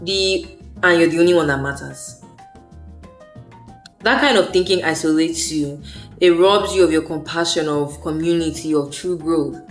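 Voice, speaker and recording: Young woman, lowish voice, rambling, slangy faith vlog chatter, faint music underneath. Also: normal speed, long pauses. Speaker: faith vlogger. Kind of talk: casual faith vlog monologue.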